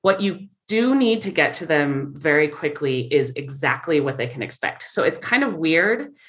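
A woman with a low voice answers interview questions. She explains at length in a thoughtful way. She restarts her sentences often and uses many fillers. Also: fairly bright tone. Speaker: marketing guest. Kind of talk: casual interview.

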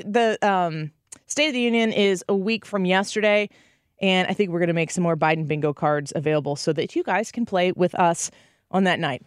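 A woman in her thirties hosting a talk radio show, telling stories with animated energy and acting out the quotes. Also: medium pitch, no echo, studio quality. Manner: animated storytelling, acts out quotes. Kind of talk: conservative talk radio monologue.

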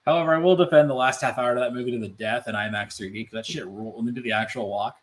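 A man co-hosting a casual podcast chat, animated and loose, full of "like" fillers and swearing. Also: mid-range voice, racing. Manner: animated, swearing, many "like" fillers, mimics voices. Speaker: podcast co-host.

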